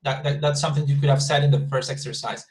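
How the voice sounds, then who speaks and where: A man's voice: mid-range voice, steady tone, quick pace, a little mellow, a little hiss or hum, rough recording. A male English teacher, patiently explaining homework in an online class and often repeating words.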